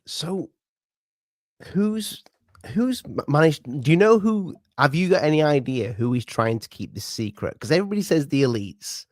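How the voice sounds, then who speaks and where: A man's voice: on the high side, animated, normal speed, dry recording, clean studio sound. A man on a casual podcast asking curious, probing questions.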